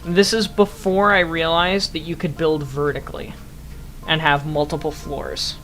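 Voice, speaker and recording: A woman's voice: low voice, little pitch movement, a little slow, fairly bright tone, faint music behind, low-quality recording. A young woman chatting casually over her gameplay, often laughing in amused disbelief at what she once built. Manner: laughs often, amused and incredulous at her own old build. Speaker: game streamer.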